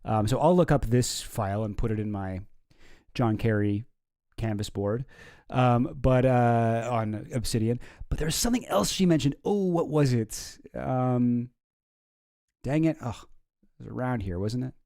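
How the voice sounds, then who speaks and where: A man's voice: medium pitch, a little slow, mellow, dry recording, clean studio sound. A man hosting a stream, giving casual, sardonic, rambling reaction commentary. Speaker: streamer host.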